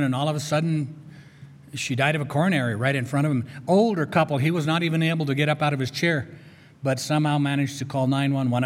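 An older man, a chaplain, preaching a sermon in an earnest, conversational storytelling way. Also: fairly high pitch. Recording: long reverb of a large hall.

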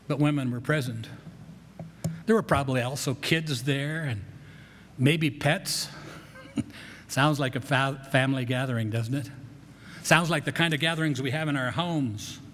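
A man preaching a conversational sermon as pastor, with frequent restarts and quick asides. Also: on the high side, fairly bright tone. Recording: long hall reverb.

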